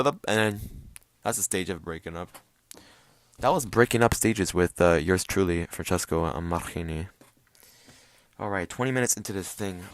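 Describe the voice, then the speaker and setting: A man's voice: fairly low pitch, no echo. A young man hosting a solo podcast, rambling and swearing as he acts out little quoted voices. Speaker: podcast host. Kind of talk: casual solo podcast rant.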